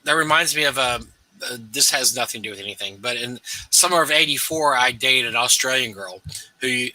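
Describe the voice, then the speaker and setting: Man, very bright lively voice, dry sound from off the mic, rambling storyteller. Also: mid-range voice, a little fast, recorded from a distance, rough recording. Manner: rambling storyteller, self-deprecating. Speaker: co-host. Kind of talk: casual live-stream chat.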